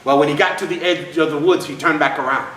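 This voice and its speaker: A man's voice: fairly high pitch, fast, noisy background. A man telling history and a folk tale live to an audience, folksy and calling the crowd y'all, heard from far off in an echoey room. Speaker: storyteller. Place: historic site event.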